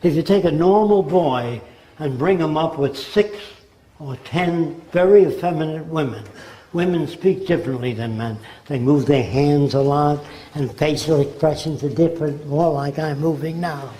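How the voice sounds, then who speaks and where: A man's voice: fairly high pitch, moderate pace, warm tone, roomy sound, a little hiss or hum, rough recording. An older man giving a rambling, informal lecture and mimicking accents to make his points.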